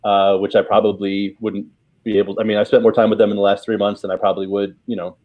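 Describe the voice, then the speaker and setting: American male guest, low, easygoing, muffled lo-fi audio. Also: fast. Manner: relaxed, with many fillers. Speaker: guest improv teacher. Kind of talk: casual reflection.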